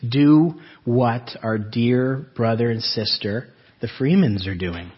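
A male preacher delivers a sermon in a conversational tone, putting questions to his congregation as he goes. His voice has a slightly husky edge and sits in a middle pitch for a man. The recording is dull and lo-fi, with the top end muffled. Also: takes it slowly.

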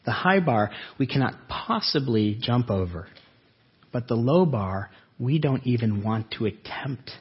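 A man's voice: mid-range voice, lively intonation, unhurried, breathy edge. A man preaching a sermon in a conversational way, often asking his listeners rhetorical questions. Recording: dull lo-fi recording.

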